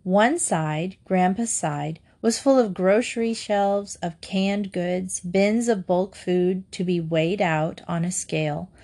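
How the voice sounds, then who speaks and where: A woman reading a children's book aloud in a slow, even narration. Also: mid-range voice.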